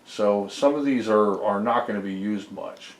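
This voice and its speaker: A low-pitched man explains his game code in a loose, rambling vlog. He fills the pauses with ums and uhs as he goes step by step. His voice carries an echo from the room around him. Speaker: homebrew game developer. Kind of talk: casual screen-recorded dev vlog.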